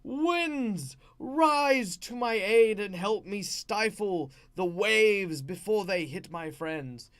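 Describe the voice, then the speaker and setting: A man's voice: sits high, expressive, slow pace, few pauses, fairly bright tone, voice pushed up, heavily acted. A man imitating a heroine from a cartoon who commands the winds in a grand, declaiming voice. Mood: commanding. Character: commanding weather-summoning superheroine, adult woman.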